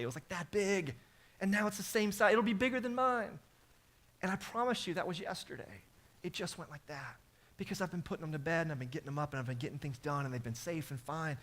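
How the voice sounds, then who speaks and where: A man's voice: sits high, pushed and bright. A man in his thirties preaching a sermon, telling stories animatedly with emphatic repetitions. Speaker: pastor.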